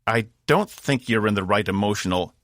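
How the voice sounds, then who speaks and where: A man's voice: on the low side, normal speed, fairly bright tone, no room sound, studio quality, voice pushed up, close to an everyday voice. A man doing a curt crew leader. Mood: commanding. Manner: curt, commanding. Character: tired, firm male crew leader. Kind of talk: audiobook narration.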